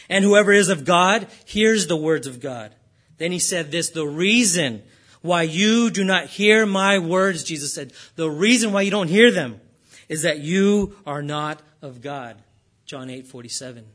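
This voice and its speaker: A man preaching a sermon in an earnest way, rising for emphasis and then dropping low and slow. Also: a bit bright.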